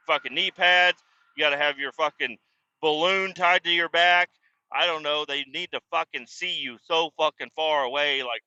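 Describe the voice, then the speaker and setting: A man hosting a podcast, telling a story in a profane, exasperated rant and shouting out the lines he re-enacts. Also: fairly high pitch, no room sound, dull audio. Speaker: podcast host.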